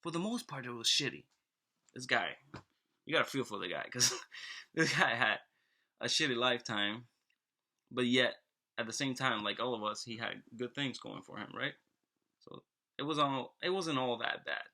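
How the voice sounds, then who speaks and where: A man's voice: medium pitch, normal speed, long pauses, sharp tone. A man casually telling a long rambling joke, laughing and swearing as he goes. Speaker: joke teller. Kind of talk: casual storytelling.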